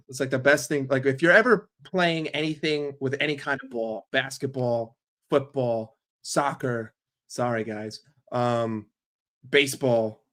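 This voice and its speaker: A man's voice: medium pitch, fairly bright tone. A man from New York ranting casually and profanely on a live stream, rambling between jokes and opinions. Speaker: football fan streamer.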